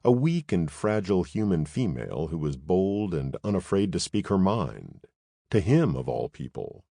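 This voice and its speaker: A man reading an audiobook as narrator, in an expressive, measured narration. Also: sits low, gravelly, dry recording, clean studio sound. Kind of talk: scripted narration.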